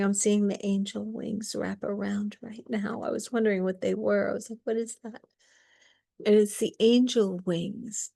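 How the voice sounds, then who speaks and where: A woman giving a spiritual sermon in a soft, often whispered voice, tearful at times. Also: mid-range voice, vocal fry. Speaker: reverend leading a women's service.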